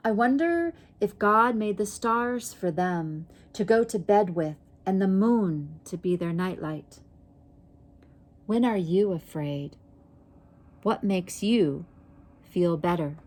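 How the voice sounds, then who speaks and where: A woman reading a children's picture book aloud in a gentle, unhurried way, pausing to ask her listeners questions. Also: mid-range voice, lively intonation. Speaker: storybook reader.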